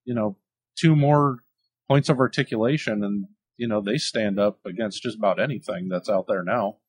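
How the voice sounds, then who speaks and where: Low, husky-voiced calm man. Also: normal speed. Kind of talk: casual chat about toys.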